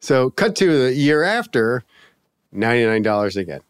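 A man in casual conversation, telling a story in a rambling, halting way. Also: mid-range voice, sing-song, clean tone, no room sound, studio quality. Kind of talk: casual chat.

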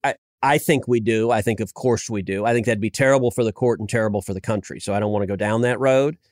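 A man's voice: fairly low pitch, quick pace, no echo. Storytelling middle-aged man, dry studio sound. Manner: storytelling, animated, frequent restarts. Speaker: senator, guest. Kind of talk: casual political interview.

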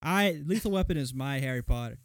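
A man's voice: medium pitch, animated, fairly quick, dry recording, studio quality. A young man co-hosting a casual podcast chat, emphatic and jokey, swearing freely. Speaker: podcast co-host.

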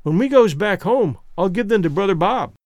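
A man's voice: high-pitched, expressive, moderate pace, a little mellow, no room sound. A man voicing a five-year-old girl in a storybook reading, childlike and earnest. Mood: delighted. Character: little girl of five, innocent and grave.

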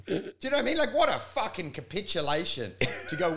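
A man's voice: high-pitched, fast talker, creaky. A man co-hosting a comedy podcast, ranting crudely and acting out voices in casual chat. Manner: animated, crude, ranting with acted-out quotes.

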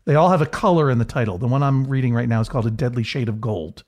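A man's voice: medium pitch, fast talker, a little mellow. A man co-hosting a podcast in casual chat, rambling with many restarts. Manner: rambling, chatty, lots of restarts. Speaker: podcast co-host.

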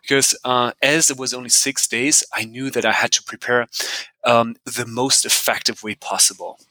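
A man talking as a guest on an interview podcast, with a bright, forceful voice. He tells stories animatedly, acting out bits of dialogue and laughing often, and the recording is close and dry. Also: mid-range voice, fairly even intonation, normal speed, no room sound, poor audio. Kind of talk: conversational interview.

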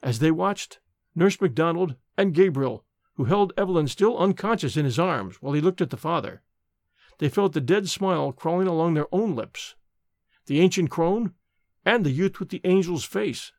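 A man's voice: on the high side, lively intonation, normal speed, darkish tone, no echo. Dramatic male storyteller, dry close sound. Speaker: narrator. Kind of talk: scripted narration.

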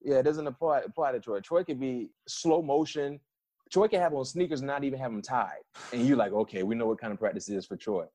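A middle-aged man from South Florida, a former football player, telling lively stories in a casual interview and acting out the quotes. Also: mid-range voice, fairly quick, no echo. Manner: animated, repeats and restarts, acts out quotes.

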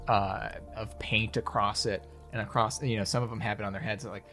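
A man's voice: lowish voice, flat delivery, brisk, sharp tone, faint music behind. A man narrating a fantasy scene as game master, in loose, rambling speech full of fillers.

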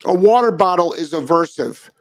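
A middle-aged man with a slightly high voice, hosting his own live dog training show. He rants with heavy profanity, repeats himself for emphasis, and then turns to chatting casually with his viewers. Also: moderate pace. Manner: emphatic, profane, repetitive ranting; calmer chatty greeting of commenters. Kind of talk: ranting live stream monologue.

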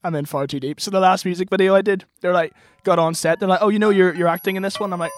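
A young man from Northern Ireland, with the accent to match, chats casually as a singer-songwriter guest, laughing a lot and poking fun at himself. His voice is high-pitched with fairly even intonation, and he talks fast, with music playing behind him.

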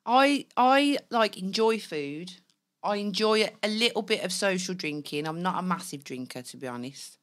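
Woman with a lower voice, swearing. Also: normal speed. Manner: swearing, frank and animated. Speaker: podcast co-host. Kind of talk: casual banter.

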